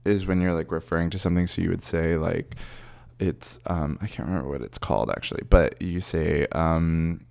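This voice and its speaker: A man's voice: low-pitched, fairly even intonation, moderate pace, creaky, darkish tone, no room sound. A man hosting his own show, chatting casually on his own in a rambling, playful way with lots of fillers. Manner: chatty and rambling, many fillers, playful bursts of self-praise. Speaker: podcast host, drag performer. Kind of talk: casual solo chat.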